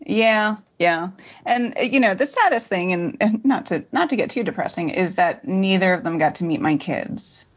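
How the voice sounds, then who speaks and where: Woman in her forties, guest, wry deadpan storyteller, mid-pitched everyday voice. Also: normal speed. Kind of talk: casual storytelling chat.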